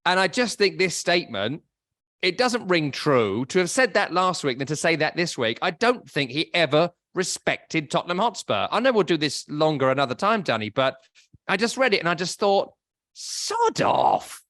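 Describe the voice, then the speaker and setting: A man's voice: on the high side, sing-song, normal speed, fairly bright tone, no echo, clean studio sound. A man with an English accent co-hosting a casual football podcast, wry and opinionated. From England. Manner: opinionated, wry, hesitant restarts. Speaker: podcast co-host.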